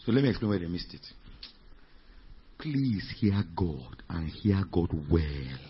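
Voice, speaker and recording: A man preaching a sermon as pastor, emphatic and repetitive, dropping to low murmurs and rising to shouts, with rhetorical questions. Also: very animated, a little slow, slight background noise. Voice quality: very husky, raspy voice. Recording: dull lo-fi recording.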